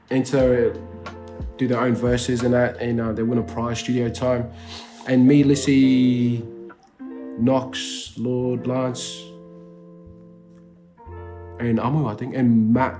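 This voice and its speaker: A man's voice: mid-range voice, mellow. An Australian man talking as a rapper guest in a casual interview, laid-back and slangy, swearing freely and leaning on lots of fillers. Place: indoor studio.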